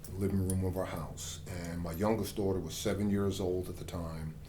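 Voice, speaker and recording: Passionate low-voiced man telling a story. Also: normal speed, noisy background. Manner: passionate, animated storyteller who acts out quoted dialogue. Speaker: author and interview guest. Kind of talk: conversational storytelling.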